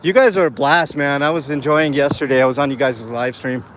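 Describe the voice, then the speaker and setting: Strolling down a city street, a live streamer speaks fairly quickly in a mid-range, fairly bright voice, chatting earnestly with his viewers and filling his talk with fillers. This walking vlog stream picks up faint outdoor street noise and passing traffic.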